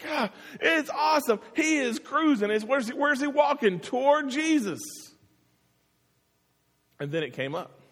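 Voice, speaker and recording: A man preaching a sermon, telling the story in an animated way and acting out the voices. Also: sits high. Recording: long hall reverb.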